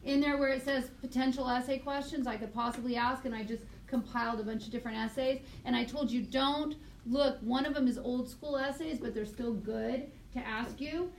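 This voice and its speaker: A woman biology teacher lecturing a class, quizzing students with quick questions, recorded on a tablet mic across the classroom. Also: sits high, steady tone. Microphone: tablet mic from across the room. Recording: echoey classroom, distant mic, faint noise.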